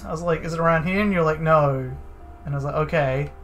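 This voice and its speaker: A young man streaming a game, casually reading its text and choices aloud with animated delivery. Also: on the high side, fast, soft background music. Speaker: let's play streamer.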